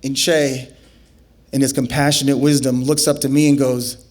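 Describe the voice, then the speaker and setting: A young adult man telling a personal story on stage, acting out the dialogue with big, animated swings that climb into high, excited shouts. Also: normal speed.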